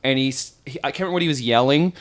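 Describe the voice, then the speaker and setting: A man in a relaxed comedy podcast chat, chuckling as he tells his stories. His voice is of ordinary, middling pitch. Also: rapid-fire. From Canada.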